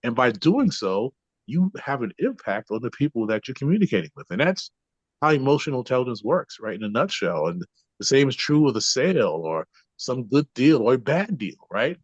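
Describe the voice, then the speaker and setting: A podcast guest and trainer with a medium-pitched, very animated voice talks a little fast, explaining ideas conversationally. He checks in with the listener often, repeatedly tacking on "right?", and the recording is dull, lo-fi, and dry.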